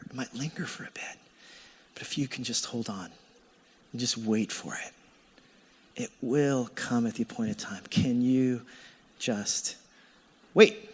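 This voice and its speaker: A man in his thirties preaching a sermon as a pastor, telling a personal story with animated delivery and acting out his own thoughts. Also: medium pitch, measured pace, long pauses, slightly rough. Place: church hall. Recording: long hall reverb.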